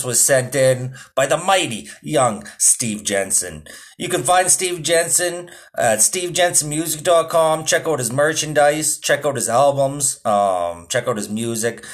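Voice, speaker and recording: A man hosting a podcast, chatting casually with a loose, rambling delivery and frequent swearing. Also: on the high side. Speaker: podcast host. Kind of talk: profane casual podcast chat.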